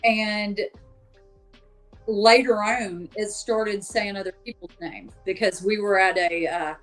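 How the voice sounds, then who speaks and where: A woman's voice: mid-range voice, steady tone, slow pace, a bit bright, faint music behind. A woman on a podcast, telling of her field investigations in a chatty way, full of fillers and acted-out quotes. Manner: chatty, many fillers, acts out quoted voices. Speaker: paranormal investigator guest. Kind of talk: casual storytelling interview.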